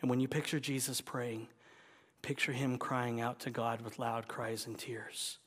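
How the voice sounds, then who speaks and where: A man preaching a sermon, his voice swelling to loud pleading and dropping to hushed whispers. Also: medium pitch, little pitch movement, measured pace, breathy edge. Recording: long hall reverb.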